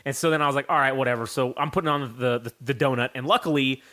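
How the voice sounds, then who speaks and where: A young man hosting a casual podcast, telling stories in a profane, animated way. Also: mid-range voice, quick pace. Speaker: podcast host.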